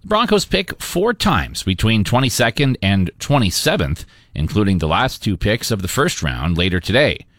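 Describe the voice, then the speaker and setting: A man reading a local radio newscast in a steady, measured newsreader manner. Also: fairly low pitch, no room sound, clean studio sound. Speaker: radio news anchor.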